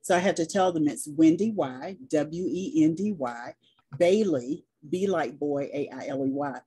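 A middle-aged woman with a Southern US accent, a business coach chatting as an interview guest and telling stories in a relaxed way. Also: sits low, unhurried, slightly rough. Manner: chatty storyteller, spells things out. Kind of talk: casual interview chat.

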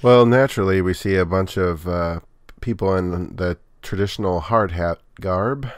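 A low-voiced man co-hosts a podcast in casual chat. He talks in a measured way with a wry, dry humor. The recording is dry and close to the mic. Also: dry recording. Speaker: podcast co-host.

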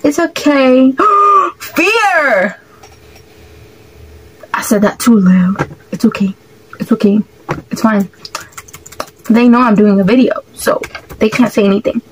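A woman hosting a reaction video, talking in excitable, exclamatory bursts and swearing freely as she reacts. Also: medium pitch, moderate pace, long pauses, slight background noise, poor audio. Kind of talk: casual reaction commentary.

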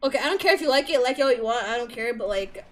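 A young woman streamer giving casual, expressive gameplay commentary, swearing and ranting at the story. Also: fairly high pitch, very fast, a little hiss or hum. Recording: game music behind. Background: game music.

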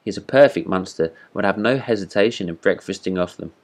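A man's voice: deep voice, fast talker, close to an everyday voice. A man doing a chatty, boastful storybook frog. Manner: talkative, cheerful, boastful. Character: chatty self-satisfied male frog.

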